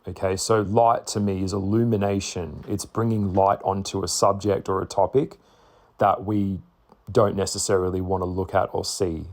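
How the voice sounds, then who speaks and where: A man talking bluntly to camera in a casual monologue, swearing freely and stressing his points with slow, repeated words. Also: sits low, level tone, a little mellow. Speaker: spiritual vlogger.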